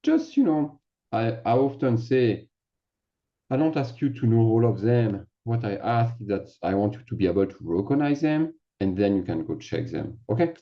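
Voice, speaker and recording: A man's voice: fairly low pitch, lively intonation, normal speed, highs cut off. A man with a French accent, a native French speaker, explaining grammar as a teacher in a casual classroom way, often checking in with "d'accord?". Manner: sprinkles French fillers, asks "d'accord?" often.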